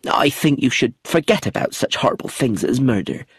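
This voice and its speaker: A man's voice: medium pitch, animated, fairly quick, slightly rough, no room sound, clean studio sound, pitched above the performer's own voice. A man voicing a stern older woman, a family nanny, in a storybook reading. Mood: scolding. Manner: scolding, matter-of-fact.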